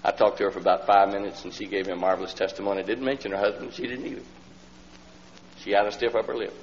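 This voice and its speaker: Folksy preacher on an old LP. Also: male voice, lowish voice, level tone, fast. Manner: folksy storyteller who acts out the people in his story, rising to loud pleading. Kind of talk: storytelling sermon. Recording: old LP sermon with hall reverb, dull lo-fi sound and faint hum.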